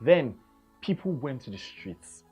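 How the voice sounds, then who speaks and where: A man with a Nigerian accent hosting a radio show, talking in an animated, casual way and repeating words for emphasis. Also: mid-range voice, a little slow, slightly rough, faint music behind. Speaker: radio host.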